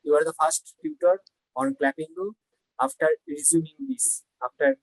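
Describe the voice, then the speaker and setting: A woman's voice: sits high, big pitch swings, moderate pace, vocal fry, dry recording, rough recording. A young woman with a Bengali accent, a native Bengali speaker learning English, talking hesitantly and repeating words on a video call. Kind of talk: online lesson conversation.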